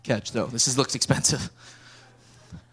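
A young man, preaching a lively sermon as a pastor and acting out stories. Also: mid-range voice, normal speed, husky. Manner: energetic storytelling preacher, acts out dialogue.

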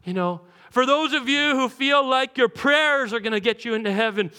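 A pastor preaching a lively sermon, slipping into comic voices for the people he describes. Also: very high voice, normal speed, smooth. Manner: animated, voices comic characters.

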